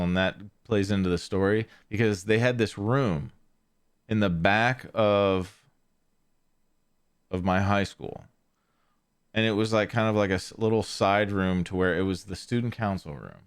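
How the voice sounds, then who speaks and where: A man with a lowish, smooth and clear voice tells a story on his podcast in an easygoing, meandering way. He stops to correct himself often, and his voice sinks soft and low at the ends of thoughts. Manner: rambling, self-correcting, trails off quietly. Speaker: podcast host. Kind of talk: casual storytelling.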